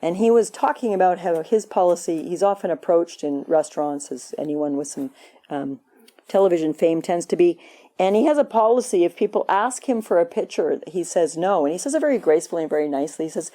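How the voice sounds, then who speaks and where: A woman's voice: on the low side, expressive, brisk, warm tone. A woman meditation teacher giving a conversational, playful dharma talk at a retreat, acting out quoted voices. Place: retreat hall.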